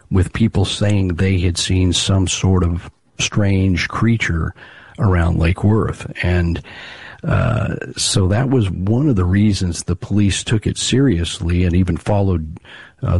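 A deep-voiced man with a husky, slightly rough tone talks through his research in a measured, explanatory way. The sound is dry and close, with no room echo. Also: darkish tone. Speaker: researcher of local monster legends. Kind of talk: interview answers.

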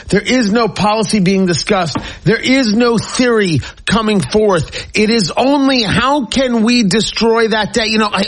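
A man hosting a political talk show, speaking emphatically with repeated phrases, also reading an ad. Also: high voice. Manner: emphatic, animated, repetitive phrasing. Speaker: radio talk show host. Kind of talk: political commentary and ad read.

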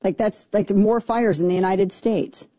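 A woman's voice: mid-range voice, a little slow, mellow, dry recording. A woman hosting a political commentary show, talking in an indignant, exasperated way with many restarts. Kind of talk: opinionated commentary monologue.

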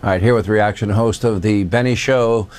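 A man's voice: on the low side, steady tone, moderate pace, darkish tone, slight background noise. A man hosting a cable news talk show, introducing clips and chatting with his guest. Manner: chatty, amused, conversational.

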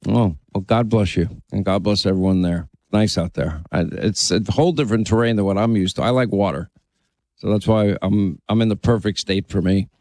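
A man from Long Island hosting a call-in radio show, greeting callers briskly and keeping things moving. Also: fairly low pitch, darkish tone, no echo. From Long Island, New York. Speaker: radio talk show host. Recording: dry studio sound.

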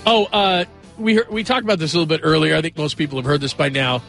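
Gravelly-voiced chatty male radio host. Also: fairly high pitch, fairly even intonation, quick pace, fairly bright tone, soft background music. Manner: chatty, rambling, eager to joke around. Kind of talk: casual radio chat.

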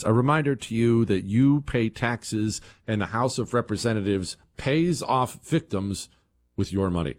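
A man's voice: lowish voice, moderate pace, a little mellow, no room sound. A man hosting a news commentary show, delivering headlines in a mocking, sarcastic way. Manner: mocking, with big exaggerated swings.

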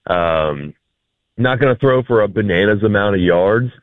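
Low-voiced man on a phone line. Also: lively intonation, moderate pace, no echo. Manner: easygoing, dry humor, many fillers. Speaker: sports analyst guest. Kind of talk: casual sports talk. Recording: dry, tinny phone line.

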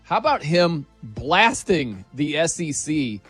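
A man hosts a sports radio show with an animated, energetic delivery. His voice sits a little high, and the recording is dry and close. Faint music plays underneath. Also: slow pace, breathy edge, no room sound.

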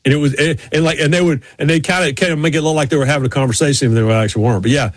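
Podcast co-host, middle-aged, rambling storyteller, slightly husky, dry close mic. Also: male voice, a little high, very fast, no room sound. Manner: rambling storyteller with many restarts. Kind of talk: casual chat.

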